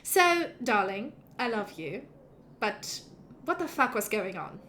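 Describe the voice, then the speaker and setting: A woman's voice: a little high, very animated, takes it slowly, sharp tone, slight background noise, exaggerated voice. Woman doing a fierce, doting mother. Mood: stern. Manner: sweet "darling" talk turning threatening. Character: fierce protective mother, elegant and menacing.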